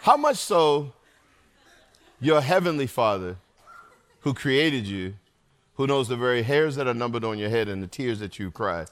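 A middle-aged man preaching a sermon to a congregation, animated and energetic, calling out to the crowd between points. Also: medium pitch, a little slow, long pauses. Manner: animated preaching with call-and-response asides. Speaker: pastor.

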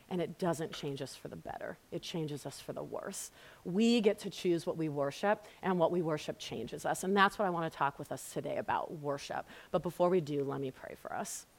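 Earnest woman teaching a church Bible study. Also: lowish voice. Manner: warm, storytelling, earnest, softening to a hushed prayer. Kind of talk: women's ministry teaching talk. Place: church women's gathering, live audience.

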